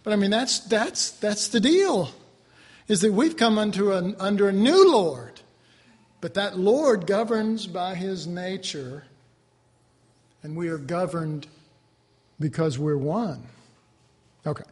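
A man preaching a sermon to his class, animated, swinging between loud outbursts and quiet asides. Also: high-pitched, takes it slowly, pauses often, big-room sound. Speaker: preacher teaching a Bible class.

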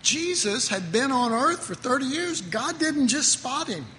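A man's voice: very high voice, sing-song, measured pace, pushed and bright. A man preaching a sermon in a loose, conversational way, often breaking off and chuckling at his own asides. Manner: conversational, self-interrupting, laughs at own jokes. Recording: echoey hall, faint noise.

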